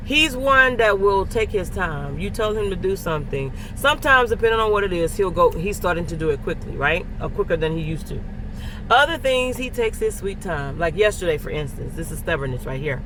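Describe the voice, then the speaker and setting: A woman's voice: lowish voice, animated, a little fast, background noise. A middle-aged woman, a first grade teacher, talking in a casual, emphatic vlog style and repeating phrases for stress. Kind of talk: casual faith-filled vlog talk.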